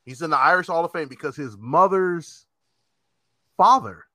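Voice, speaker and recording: A man co-hosts a podcast in loose, casual chat, cursing freely and acting out quotes as he goes. His voice sits a touch high and swings widely in pitch. It has a bright, forceful edge and sounds dry and close to the mic. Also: moderate pace, dry recording. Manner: animated, swearing, acts out quotes. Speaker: podcast co-host.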